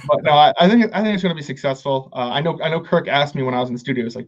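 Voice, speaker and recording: A man's voice: medium pitch, quick pace, dull audio. A man hosting a podcast in casual chat, rambling and swearing, with lots of restarts. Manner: rambling, profane, many restarts. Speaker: podcast host.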